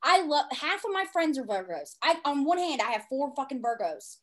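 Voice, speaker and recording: A bubbly woman hosts a casual interview chat, swearing freely and breaking into loud laughter. Her voice is high and swings widely as she talks. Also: big pitch swings, normal speed. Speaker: podcast host.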